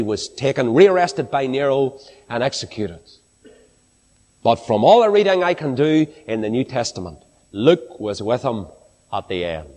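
A man preaching a sermon to a congregation, swinging from high, ringing exclamations down to low, hushed phrases. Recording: long hall reverb.

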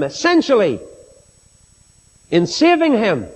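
A man's voice: high voice, expressive, moderate pace, darkish tone. A man preaching a sermon in a church hall, telling stories in a folksy, humorous way. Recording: long hall reverb.

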